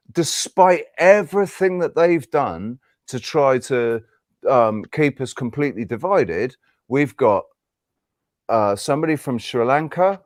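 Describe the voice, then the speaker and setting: A man hosts a live online talk show, his pitch bouncing widely up and down as he rambles and swears casually. He speaks over a video call, and the sound is close and dry with no room around it. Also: no echo. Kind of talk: casual chat.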